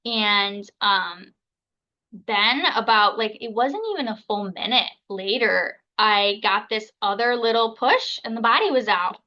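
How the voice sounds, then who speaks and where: On a podcast, an American woman in her thirties speaks a little slowly in a medium-pitched voice, telling a personal story in a chatty, filler-heavy way and voicing others' quotes. The audio is dull.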